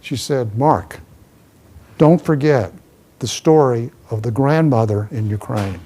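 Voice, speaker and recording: Speaking at a forum, an ambassador with a fairly low, dark voice keeps a measured pace and fairly even intonation. He tells stories emphatically, answers audience questions, and moves restlessly around as he talks.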